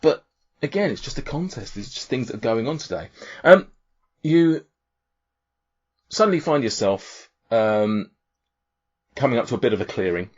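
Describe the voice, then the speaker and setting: A man's voice: medium pitch, expressive, moderate pace, long pauses. A man narrating a tabletop game as game master, rambling with fillers and restarts. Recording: dull lo-fi audio.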